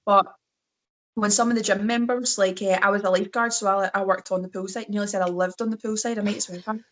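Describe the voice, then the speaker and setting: A young Scottish woman, a wrestler, chatting casually as a podcast guest with lively storytelling. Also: medium pitch, fast talker, a little hiss or hum. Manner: lively storytelling, mimics other people's voices. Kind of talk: casual chat.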